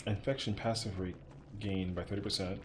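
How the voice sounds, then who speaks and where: Low and fairly even in intonation, this young male streamer talks fairly quickly over background noise. He commentates his gameplay casually, cursing out of frustration and talking to chat.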